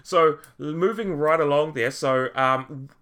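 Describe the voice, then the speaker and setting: A New Zealand man hosting a laid-back chat, his voice bright and smooth. He takes his time and fills the gaps with long, easy fillers. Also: on the high side, slow pace. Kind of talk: casual chat.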